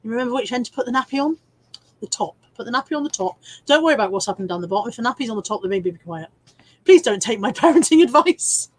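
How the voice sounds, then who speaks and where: A woman's voice: on the high side, animated, rapid-fire. A middle-aged woman, hosting a casual live stream, reading viewer comments in a chatty, cheeky way with frequent laughs and the odd swear word. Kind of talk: casual chat.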